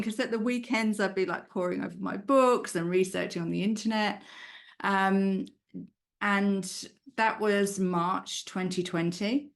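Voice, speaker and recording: A woman's voice: medium pitch, steady tone, unhurried. A woman with a hybrid British-Australian accent, a guest telling her story in a chatty way. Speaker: guest, human design coach. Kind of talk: conversational interview answers.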